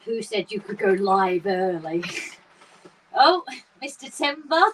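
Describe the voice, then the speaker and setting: A woman's voice: mid-range voice, slow. Chatty woman livestreaming from a shed. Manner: chatty, excitable, laughs often. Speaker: livestream co-host. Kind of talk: casual chat on a livestream. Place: garden shed with model railway. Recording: slightly distant mic with faint room noise.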